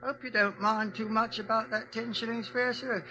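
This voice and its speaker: An actor playing a greedy, nervous hire-car driver in an old radio drama. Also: male voice, high voice, little pitch movement, normal speed, bright, forceful tone, lo-fi sound, slight background noise. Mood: gruff. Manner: working-class London speech, pleading. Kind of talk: 1940s radio acting.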